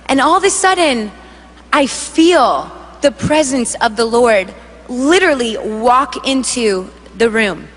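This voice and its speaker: Young woman, high bright voice, lively testimony, acts out voices, reverberant church hall. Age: young adult. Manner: animated storytelling, acts out voices, laughs often. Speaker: worship leader giving testimony. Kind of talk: testimony preached to a congregation.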